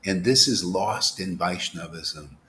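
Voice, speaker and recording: A man giving an informal devotional sermon, asking rhetorical questions, dropping to whispers and rising to loud exclamations, laughing now and then. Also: low voice, slow pace, slight background noise. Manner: animated, preachy, swings from hushed whispers to loud exclamations; asks rhetorical questions, laughs at his own jokes. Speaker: spiritual teacher.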